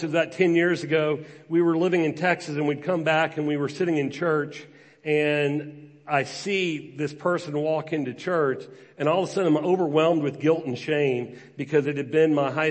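A man's voice: fairly high pitch, fairly even intonation, normal speed. A man in his forties preaching a sermon, telling a personal story conversationally and acting out the voices in it. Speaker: pastor. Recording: long reverb of a large hall.

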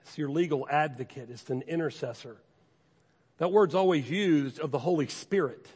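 Earnest preacher in a reverberant hall. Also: male voice, a little high, normal speed, darkish tone, slightly rough. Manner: earnest, conversational exhortation with repeated phrases. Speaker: pastor. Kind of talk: sermon. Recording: long reverb from a large hall.

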